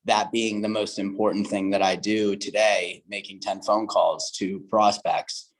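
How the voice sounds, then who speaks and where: Male participant sharing a reflection in a low, steady monotone. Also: a little slow, rough recording. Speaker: participant on a coaching call. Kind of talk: sharing thoughts on a group call.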